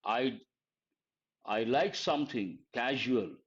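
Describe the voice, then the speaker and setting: A man teaching grammar in a live online lesson, quizzing his students and repeating key phrases slowly. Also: medium pitch, lively intonation, husky. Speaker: English vocabulary teacher. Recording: dull lo-fi stream audio.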